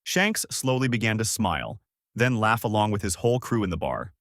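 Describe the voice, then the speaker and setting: A man's voice: lowish voice, brisk, dry recording, studio quality. A man reading a fan-made story aloud, then signing off casually to viewers. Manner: animated storytelling, casual sign-off. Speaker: channel host and narrator.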